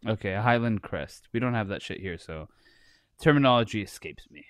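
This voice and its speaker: A man's voice: lowish voice, expressive, a little fast, dry recording, studio quality. A man co-hosting a podcast, chatting casually, rambling and swearing, often laughing. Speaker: podcast co-host.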